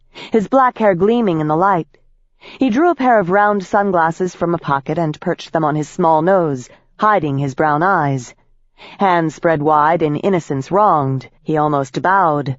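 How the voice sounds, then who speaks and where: A woman's voice: deep voice, measured pace, no room sound. A woman narrates a first-person fantasy audiobook with tense, vivid storytelling. The recording is dry and close, with a slightly dull, muffled top end.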